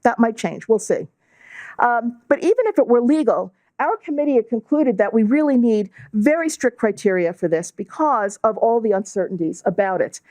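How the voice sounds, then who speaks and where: A middle-aged woman with a New York accent giving a measured, explanatory lecture as a guest speaker, using fillers now and then. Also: on the high side, lively intonation, a little mellow, dry recording. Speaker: guest speaker, law and bioethics professor. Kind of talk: lecture to a club audience.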